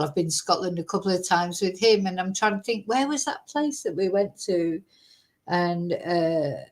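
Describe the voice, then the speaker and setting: A woman from England with an English accent, chatting casually and telling rambling stories while reacting to a news clip. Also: fairly low pitch. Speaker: vlogger.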